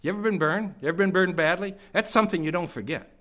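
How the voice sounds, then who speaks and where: Preaching man with a sudden hush. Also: sits high, fast. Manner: preaching with rhetorical questions and sudden drops to a hush. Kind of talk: sermon. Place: church.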